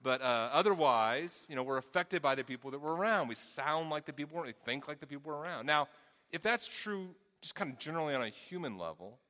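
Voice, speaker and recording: A middle-aged pastor from the American South preaches a sermon in a Southern twang that years in the Midwest have softened. His bright, forceful voice sits on the high side and rings with the long reverb of a large hall. Animated and fast-talking, he preaches earnestly, often repeating words as he thinks a point through aloud.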